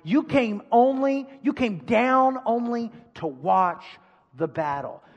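A man voicing a jealous older brother who scolds and belittles his younger sibling in a hushed, scornful tone. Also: very high-pitched, expressive, takes it slowly, big-room sound, dull audio, voice pushed up, full character voice. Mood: scolding.

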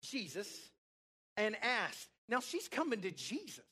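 A preacher addresses a congregation with emphatic, drawn-out phrasing that swings between loud calls and hushed lines. They pose questions to the listeners and have them repeat key words. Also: medium pitch, sing-song. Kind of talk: sermon.

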